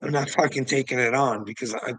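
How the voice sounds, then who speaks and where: A man's voice: mid-range voice, a little fast, fairly bright tone, slightly rough, no room sound, rough recording. A man vlogging in a heated, profane casual rant, chuckling between points. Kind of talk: casual ranting monologue.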